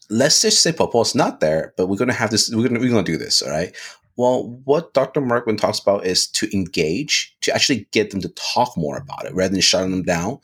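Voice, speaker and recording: A man talking casually on a podcast, animated, restarting phrases and often asking "right?". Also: lowish voice, breathy edge. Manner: animated, repeats words, lots of "right?". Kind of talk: casual discussion.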